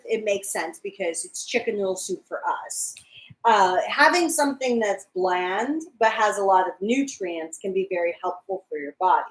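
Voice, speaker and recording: A woman co-hosting a relaxed fan chat, talking slowly with a lively, bouncing pitch. She recaps scenes in a chatty way, and her voice rings a little in an echoey room. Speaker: podcast co-host. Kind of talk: casual fan discussion livestream.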